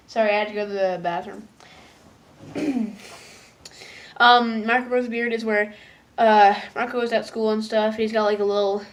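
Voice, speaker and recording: Woman reviewer, casual recap, filler-heavy, restarts, pops into squeaky character voices. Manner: rambling, many "like"s and stumbling restarts; jumps into high, loud voices for characters. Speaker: episode reviewer.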